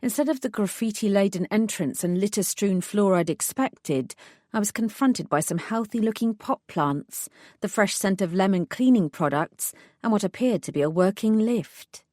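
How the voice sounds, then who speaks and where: A woman reading a first-person audiobook in a measured, wry storytelling manner. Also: medium pitch, expressive, a little mellow, dry recording, clean studio sound. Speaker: audiobook narrator. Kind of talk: scripted first-person narration.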